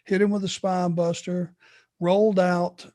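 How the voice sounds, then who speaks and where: A man's voice: sits high, flat delivery, a little slow, warm tone. An older man telling wrestling stories in a casual chat, laughing as he goes. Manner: laughs through his stories. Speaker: former wrestler answering fan questions. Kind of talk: casual storytelling.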